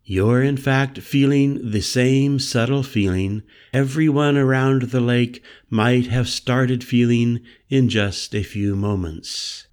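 A man voicing a calm, commanding woman who lays out a firm plan in a measured, instructing way. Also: mid-range voice, pitched above the performer's own voice, close to an everyday voice. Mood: knowing.

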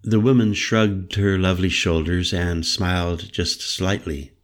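A man narrating a first-person story as an audiobook, in a calm, descriptive manner. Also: low-pitched, a little slow.

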